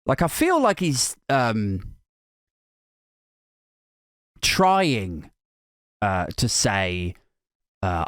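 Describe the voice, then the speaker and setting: A man's voice: lowish voice, very animated, very slow, pauses often, a bit bright, dry recording, studio quality. Mocking, swearing male podcast host. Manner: mocking, swearing, breaks into laughter. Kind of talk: satirical rant.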